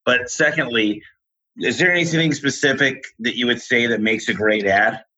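Emphatic coach hosting a podcast, bright forceful voice, dull lo-fi sound. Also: male voice, mid-range voice, breathy edge. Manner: emphatic, quick to list points. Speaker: host, business coach. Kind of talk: podcast interview. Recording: dull lo-fi recording.

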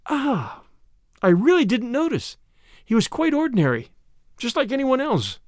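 A man reading a storybook, putting on a high, excited voice for an eager young woman adventurer. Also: moderate pace, no echo, clean studio sound, exaggerated voice. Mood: unsure.

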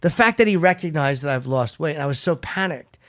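A man's voice: fairly high pitch, expressive, brisk, fairly bright tone, no echo, studio quality. Self-mocking, rambling male podcast host. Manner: rambling, self-mocking storyteller who swears freely. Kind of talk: casual podcast chat.

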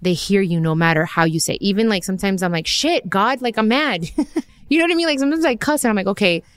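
A woman, talking in a casual, candid, chatty way. Her voice sits a little low and the recording is close and dry. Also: no echo. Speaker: podcast host. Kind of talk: casual spiritual talk.

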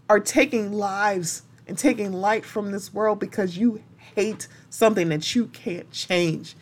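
A woman's voice: mid-range voice, a little slow, hardly any pauses. A woman hosting a solo podcast, talking in an impassioned, blunt way and not holding back on strong language. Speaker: podcast host.

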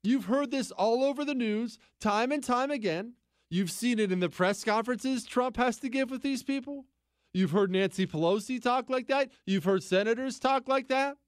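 A man's voice: very high voice, normal speed, clear, resonant tone, no echo, studio quality. A man hosting a talk radio show, delivering a sarcastic political commentary monologue with mocking repetition and incredulous outbursts.

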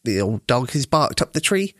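A man's voice: mid-range voice, very animated, normal speed, fairly bright tone, no echo, clean studio sound. A man voicing a sweet, easygoing older woman with a folksy drawl in a children's storybook. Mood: amused.

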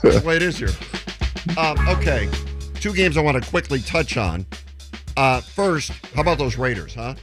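A man's voice: mid-range voice, normal speed, faint music behind. A man hosting a sports radio show who tells jokey stories and steers the talk between segments. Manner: lively, jokey, leads the segments. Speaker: radio host.

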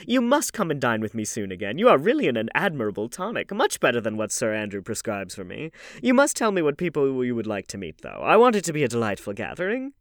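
A man reading an audiobook, voicing an elderly aristocratic hostess in a high, emphatic falsetto. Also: wildly swooping pitch, fast talker, few pauses, dry recording, studio quality. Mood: scandalized gossip. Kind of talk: audiobook character voice.

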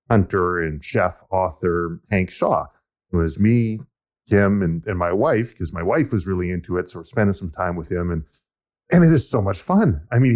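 A man from Canada, co-hosting a podcast and explaining his views in a measured, casual way. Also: on the low side. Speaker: podcast co-host. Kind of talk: casual conversation.

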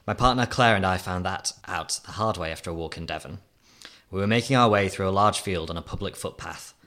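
A man reading his own opinion column aloud in a dry, measured storytelling manner. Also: low voice, a bit bright.

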